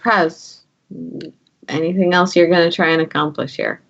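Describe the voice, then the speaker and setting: A woman narrating as game master of a tabletop game, brisk and wry. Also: lowish voice, fairly even intonation. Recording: dull lo-fi sound.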